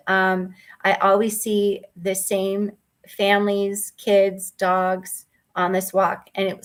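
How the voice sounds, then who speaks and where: A woman mindfulness coach telling a personal story in a gentle, earnest way, with frequent ums and restarts. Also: medium pitch.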